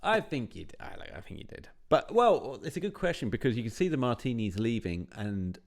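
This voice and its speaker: A man co-hosting a casual podcast chat about a film, animated and given to acting out lines. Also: medium pitch, brisk. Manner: animated, acts out quotes in put-on voices. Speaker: podcast co-host.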